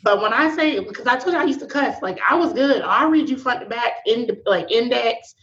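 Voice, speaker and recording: A woman's voice: on the high side, fairly quick. Slangy chatty woman, dull lo-fi sound. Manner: animated storytelling with laughs; casual slangy speech. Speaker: podcast guest. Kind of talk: casual faith chat.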